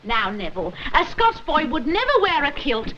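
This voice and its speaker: A prim English mum. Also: female voice, high-pitched, very animated, normal speed, a little hiss or hum. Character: prim English mother, middle-aged. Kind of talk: 1960s sitcom acting. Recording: dull lo-fi TV soundtrack with music.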